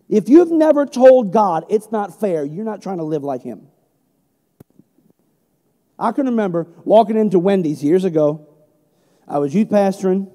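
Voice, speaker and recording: Middle-aged male pastor, high mellow voice, passionate sermon in a reverberant hall. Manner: passionate, swings from loud emphatic peaks to quiet storytelling.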